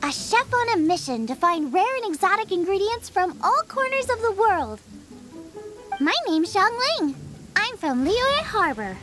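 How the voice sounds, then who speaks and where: A very high, lively voice for an eager young girl chef who bounces between bursts of excitement. She sounds bubbly and food-obsessed, with her pitch swinging widely. Game music plays behind her. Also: a little slow, full character voice. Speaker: game character. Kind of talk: video game voice acting.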